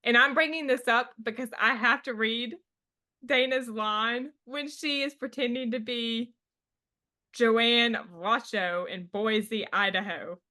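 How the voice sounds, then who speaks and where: A woman with a bright, forceful, somewhat high voice hosts a casual podcast chat. She recaps scenes with chatty enthusiasm. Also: takes it slowly. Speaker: podcast host.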